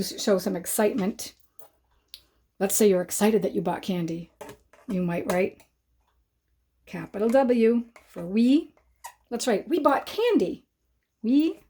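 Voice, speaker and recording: Woman teacher doing a writing lesson for little kids, slow careful dictation, warm mellow voice. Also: mid-range voice. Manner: slow, clear dictation for young learners.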